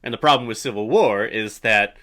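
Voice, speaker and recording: A man's voice: lowish voice, brisk, a bit bright. A man hosting a casual movie reaction, chatty and opinionated, swearing now and then.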